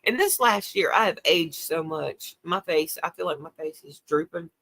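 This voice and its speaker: A woman's voice: deep voice, lively intonation, normal speed, a bit bright. An older woman, hosting a casual livestream, talking tearfully and answering viewer comments. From South Carolina. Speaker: livestream host.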